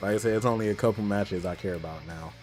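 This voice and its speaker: Streamer, male, excitable and slangy, laughs a lot and repeats lines, faint music under him. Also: fairly low pitch, quick pace. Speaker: watch-along streamer. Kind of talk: casual live reaction chat.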